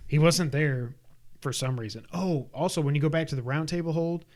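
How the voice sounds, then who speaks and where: A man's voice: a little high, brisk. A man co-hosting a podcast, chatting casually about a video game with lots of fillers and restarts. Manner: rambling, animated, frequent fillers and restarts. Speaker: podcast co-host. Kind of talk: casual gaming chat.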